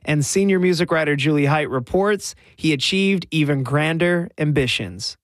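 A man's voice: a little high, normal speed, no room sound, clean studio sound. Southern man hosting radio. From Alabama. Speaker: radio host. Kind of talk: radio music talk.

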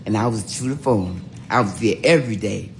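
An older woman, telling her life story in an animated, laughing way. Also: extremely low pitch, brisk, a little hiss or hum. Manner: animated, laughing, acts out voices. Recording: roomy echo.

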